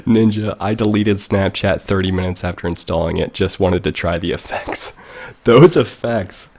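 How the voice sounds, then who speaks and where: A man's voice: low-pitched, unhurried, a little mellow. A young man chatting casually on a live stream, rambling into tangents and laughing often, with the mic very close to his mouth. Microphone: desk mic very close to mouth.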